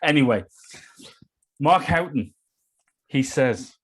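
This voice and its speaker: A man co-hosting a casual podcast chat, animated and jokey as he reads out comments. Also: mid-range voice, normal speed. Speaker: podcast co-host.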